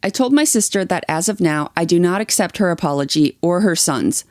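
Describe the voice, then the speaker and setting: A woman's voice: fairly low pitch, animated, brisk, no room sound. Woman reading posts aloud, dry sound. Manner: reads posts aloud, then chats with blunt, swearing opinions. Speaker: podcast co-host reading online posts. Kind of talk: reading aloud and casual chat.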